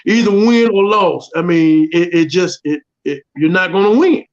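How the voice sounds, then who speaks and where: A man co-hosting a sports podcast, agreeing with halting speech and many restarts. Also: high-pitched, lively intonation, dull audio. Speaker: podcast co-host. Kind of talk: sports talk.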